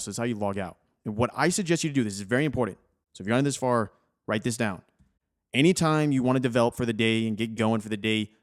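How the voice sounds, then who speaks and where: A young adult man narrating a software tutorial over his screen, casual and encouraging. His voice sits at an ordinary middle pitch, and he keeps an easy, conversational flow as he guides viewers through each step. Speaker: coding tutorial host.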